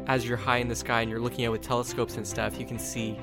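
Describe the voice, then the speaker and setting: A man narrating a tabletop game as game master in a loose, relaxed way. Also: mid-range voice, fast talker, loud music behind the voice.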